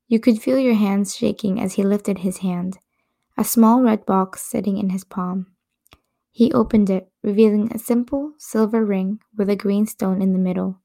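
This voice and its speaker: Gravelly-voiced woman reading fan fiction. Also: mid-range voice, steady tone, moderate pace. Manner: soft, breathy storytelling with whispered stretches. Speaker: podcast host.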